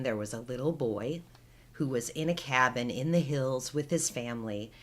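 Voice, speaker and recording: Low-voiced woman in her forties. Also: pushed and bright. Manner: chatty storytelling, retelling film scenes. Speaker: podcast co-host. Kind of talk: casual chat.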